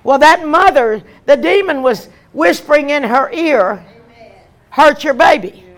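A woman evangelist, preaching an emphatic, animated sermon with repeated lines. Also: high voice, measured pace.

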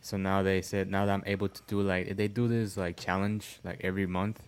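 A man with a somewhat low voice rambles through a casual podcast conversation. His talk wanders, packed with "like" fillers and frequent profanity. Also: level tone, fairly quick, clean tone. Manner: rambling, heavy use of "like" and profanity. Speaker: podcast co-host. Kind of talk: casual chat.

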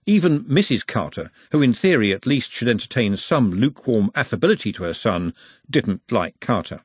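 A man narrating a comic novel as an audiobook in an expressive, wry storytelling manner. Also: mid-range voice, normal speed, breathy edge, dry recording.

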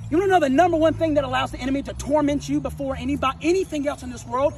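A man's voice: very high voice, rapid-fire. A man preaching an informal sermon, emphatic and confrontational, hammering home key phrases by repeating them. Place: outdoors near a wrecked car. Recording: distant mic with faint outdoor noise.

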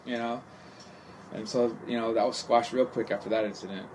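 Middle-aged man from California, rambling profane storyteller, mid-pitched, light background hiss. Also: steady tone, brisk. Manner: rambling, profane, heavy on "you know". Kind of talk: casual podcast storytelling.

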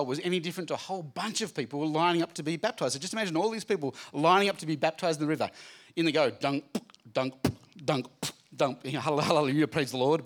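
A man giving a lively Bible talk to a live group, chatty and jokey, acting out the scenes as he goes. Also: on the high side. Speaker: speaker at a student Bible training night. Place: room with a live audience.

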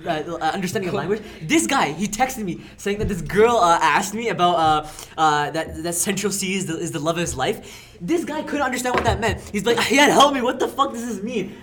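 A teenage boy co-hosting a podcast, firing back quick defensive retorts. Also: high voice, lively intonation, a bit bright, slight background noise. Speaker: podcast co-host. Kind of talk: casual chat among friends.

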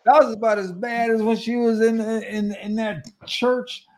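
A male podcast host makes his case in an emphatic, preachy, conversational way. His voice sits somewhat high for a man, and he keeps a casual back-and-forth going with his guest. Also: level tone, a little slow, a little mellow.

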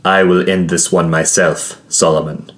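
A man's voice: sits low, level tone, measured pace, echoey room. A man voicing a venomous tyrant queen. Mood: cold. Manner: menacing, venomous. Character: cruel, cold-blooded tyrant queen, adult woman. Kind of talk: audiobook character voice. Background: soft guitar music.

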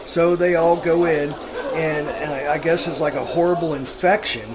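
A man's voice: on the high side, fairly even intonation, normal speed, over a noisy crowd. A man casually telling a rambling story on a podcast, full of fillers. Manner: rambling, with many fillers and laughs.

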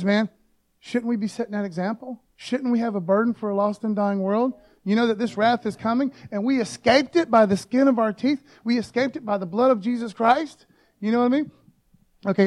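Informal and jokey, a pastor preaches a casual sermon full of quick rhetorical asides, repeatedly saying "man" and "okay?". His voice sits high and has a darkish tone.

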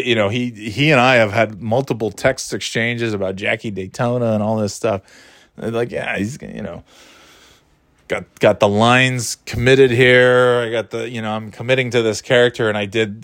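A man's voice: mid-range voice, fairly bright tone, dry recording, clean studio sound. A middle-aged man telling a story in a casual, self-deprecating, rambling way.

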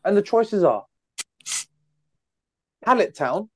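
A man's voice: sits high, very animated, slow. Jokey scottish man hosting a quiz. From Scotland. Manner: jokey, bursts into mocking impressions. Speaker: podcast host running a quiz. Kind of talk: casual chat.

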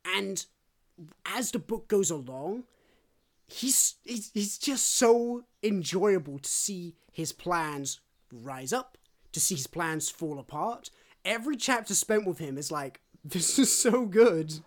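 A man's voice: high-pitched, slow pace. A man co-hosting a book podcast in casual chat, telling stories animatedly and acting out the voices of the people he quotes. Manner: animated storyteller who acts out quoted voices. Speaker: podcast co-host.

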